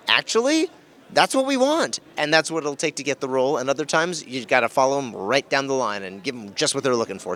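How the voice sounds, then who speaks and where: A man giving a casual convention interview as a voice-actor guest, energetic and quick with jokes. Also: medium pitch. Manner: energetic, jokey, quick quips.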